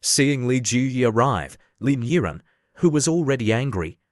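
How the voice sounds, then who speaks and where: A man narrating an animated story recap in a steady, scripted reading. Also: medium pitch, unhurried, dry recording, studio quality.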